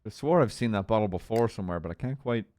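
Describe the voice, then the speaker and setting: A man's voice: fairly low pitch, quick pace, dry recording, natural voice. A man playing a laid-back sheriff. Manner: calm, easygoing, uses "you know" and "brother". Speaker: sheriff character. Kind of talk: game role-play.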